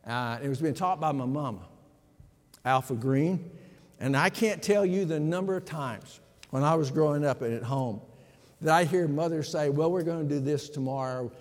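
A man's voice: fairly high pitch, normal speed. A man preaching a sermon as pastor, emphatic and speaking directly to his congregation. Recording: long hall reverb.

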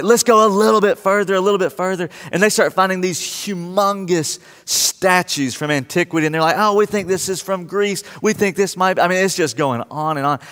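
A man telling a personal story to a live audience and acting out his own reactions in a lively, anecdotal way. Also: on the high side. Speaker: speaker addressing a live audience. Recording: long hall reverb.

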